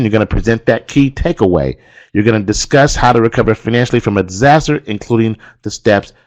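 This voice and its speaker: Low-voiced man coaching trainers. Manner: directive, walks through slides step by step; stresses key points, repeats phrases like "okay" and "again".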